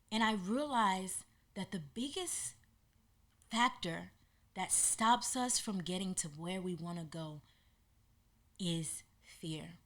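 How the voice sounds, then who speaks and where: A woman hosting a podcast, telling a personal story in an animated way and acting out what people said. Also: medium pitch. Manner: animated, acts out quotes in lively voices. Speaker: podcast host.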